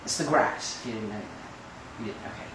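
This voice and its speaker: A smugly menacing immigrant hustler, played by a man in an acting class muses in halting, repeated phrases. The echo of a large room swamps his voice. He is picked up from far off over steady background noise. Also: fairly low pitch, natural voice. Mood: mocking. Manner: halting, repetitive, quietly sinister musing. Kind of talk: acting-class film monologue. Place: large echoey studio kitchen. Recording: echoey room from far off, noisy.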